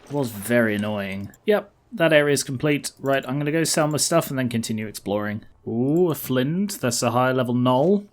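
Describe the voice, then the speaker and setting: A man's voice: medium pitch, animated, moderate pace, hardly any pauses. A man casually commenting as he plays a role-playing video game, with a sarcastic, chatty manner. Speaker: let's play host.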